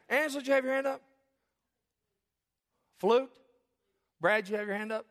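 A man preaching in a church, joking with the congregation, calling on people by name, then dropping into a soft, earnest tone. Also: high-pitched, lively intonation, normal speed, long pauses. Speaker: pastor. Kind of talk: sermon. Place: church sanctuary.

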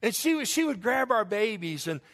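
A man preaches a sermon in a homespun, earnest manner. His voice sits high for a man. He circles back on his phrases as he warms to his point. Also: big pitch swings, moderate pace. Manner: folksy, earnest preaching with repetitions and asides. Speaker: pastor.

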